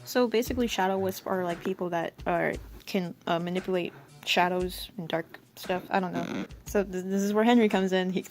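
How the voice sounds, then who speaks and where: A woman's voice: medium pitch, fairly quick, a little mellow. A young woman vlogger reading her old story aloud and roasting it with sarcastic, giggly commentary. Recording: faint background music.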